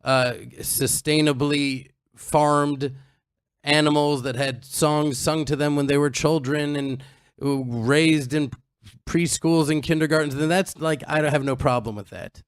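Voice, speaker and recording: A man's voice: fairly high pitch, steady tone, unhurried, clear, resonant tone, no echo. Teasing man chatting, dry close sound. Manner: teasing, joking. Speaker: co-host. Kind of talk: casual chat. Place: outdoors on a farm in the mountains.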